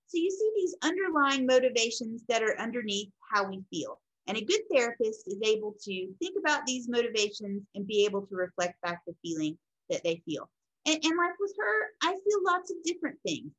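Chatty woman lecturing, somewhat high voice. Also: a bit bright, poor audio. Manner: conversational, rambling with fillers and self-corrections. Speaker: instructor. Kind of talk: casual recorded lecture.

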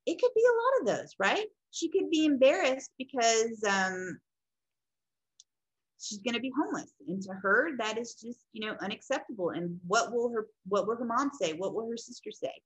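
A woman's voice: a little high, expressive, moderate pace, slightly rough, low-quality recording. A middle-aged woman teaching counseling skills in a classroom lecture, acting out client and counselor examples as she explains. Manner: explains, then acts out client and counselor lines. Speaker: counseling instructor.

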